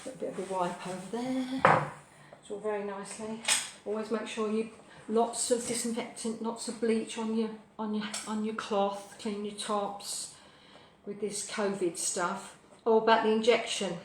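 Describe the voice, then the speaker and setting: Cheery British woman cooking in an echoey kitchen, natter over clattering dishes, mid-pitched and warm-hearted, chatty. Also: steady tone, unhurried, a little hiss or hum. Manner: cheerful, rambling, cheeky asides, bursts of loud whoops. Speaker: cooking show host. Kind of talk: chatty live cooking stream. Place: home kitchen.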